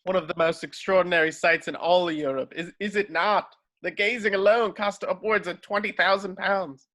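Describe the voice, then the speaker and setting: A man's voice: sits high, steady tone, moderate pace, pushed and bright. A man reading the part of a pompous, fawning clergyman in an amateur script reading. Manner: pompous, fussy.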